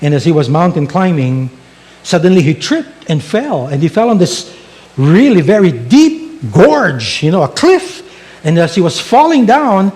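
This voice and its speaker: A man's voice: fairly high pitch, very animated, normal speed, a little mellow. A male pastor preaching a sermon, telling stories and asking rhetorical questions.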